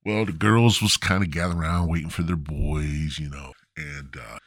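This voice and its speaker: A man's voice: a bass voice, fairly even intonation, moderate pace, dry recording, clean studio sound. A man hosting a podcast, telling rambling, crude, self-mocking stories into a podcast mic. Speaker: podcast host. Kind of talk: crude comic storytelling.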